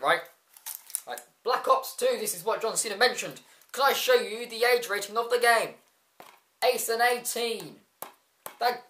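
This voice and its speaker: A wrestling show reviewer talking casually, excitable and rambling with quick asides. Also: mid-range voice. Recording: echoey room.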